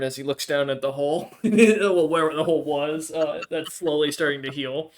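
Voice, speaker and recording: A man running a tabletop game as game master, with a voice a touch higher than a typical man's. He narrates hesitantly and fills his sentences with ums and uhs. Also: normal speed. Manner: hesitant, with many fillers.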